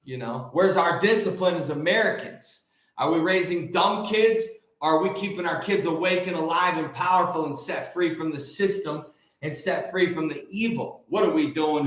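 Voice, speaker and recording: A male host giving an emphatic, preachy motivational monologue, stretching key words out slowly. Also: on the high side, a bit bright. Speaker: show host. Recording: very echoey room.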